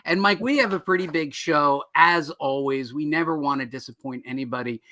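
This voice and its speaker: A man's voice: fairly high pitch, a little fast, bright, forceful tone, no room sound. A man hosting a live online talk show about comics, joking and teasing himself and his co-host. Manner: jokey, self-deprecating, upbeat.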